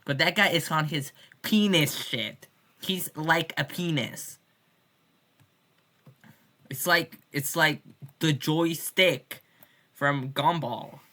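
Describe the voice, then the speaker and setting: Bright-voiced woman rambling about music. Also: low-pitched, slow pace, long pauses. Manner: rambling, irreverent, swears jokingly; many restarts and fillers. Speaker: music fan. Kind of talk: casual video diary rant.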